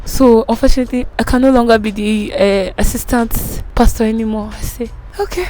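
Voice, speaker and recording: A woman's voice: a little high, steady tone, brisk, mellow, slight background noise, rough recording. A young woman from Nigeria with a Nigerian accent, telling a dramatic school story to her channel viewers. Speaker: vlogger. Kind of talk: storytime vlog.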